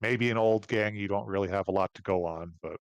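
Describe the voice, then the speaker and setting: Low smooth-voiced male game master. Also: fairly quick, dry recording, dull audio. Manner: relaxed, hesitant with fillers. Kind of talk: narrating a tabletop game.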